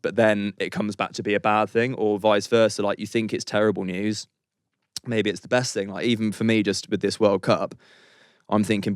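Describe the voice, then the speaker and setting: A man's voice: on the low side, little pitch movement, normal speed, smooth, no room sound, studio quality. An English man in his thirties, a podcast guest who is losing his voice, telling a story in a rambling, chatty way full of "like" and "um". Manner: rambling, chatty, says "like" and "um" often. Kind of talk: casual storytelling.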